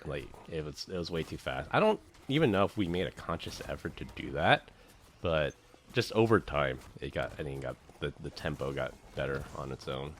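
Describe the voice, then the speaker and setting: A man's voice: extremely low pitch, fairly quick, slight background noise. A man co-hosting a podcast, reading a rhyming roast of a friend and then chatting casually with laughs. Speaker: podcast co-host. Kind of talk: casual chat.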